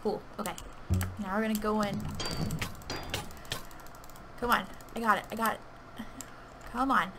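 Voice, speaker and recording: A woman giving anxious, pleading live commentary on her own gameplay, with sudden loud outbursts. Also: medium pitch, fairly even intonation, a little slow, pauses often, background noise. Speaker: gaming video creator. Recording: keyboard clicking audible behind voice.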